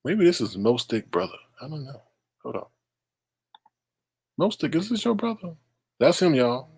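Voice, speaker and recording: Lively middle-aged man reading news. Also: a little high, normal speed, vocal fry, slightly rough, no room sound, studio quality. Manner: animated, exclaiming and laughing at the story; reads news aloud and talks to the chat. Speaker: live-stream host. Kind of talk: live-stream news commentary.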